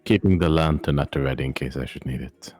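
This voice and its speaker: A man's voice: a bass voice, fast talker, a little mellow, soft background music. A man playing a tabletop game, describing his moves in a laid-back, matter-of-fact way. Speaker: player. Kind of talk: casual tabletop play.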